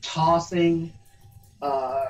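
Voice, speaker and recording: A man's voice: fairly high pitch, fairly even intonation, drawn-out words, soft background music. A man hosting a live chat and telling stories in a folksy, chatty way. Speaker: host. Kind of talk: storytelling in casual chat. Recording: distant mic with faint noise.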